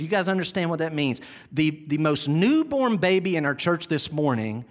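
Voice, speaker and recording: A man preaching a sermon as pastor, animated, acting out scenes and dropping to quiet asides. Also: fairly high pitch, normal speed. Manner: animated, acts out shouting disciples, drops to near-whisper asides.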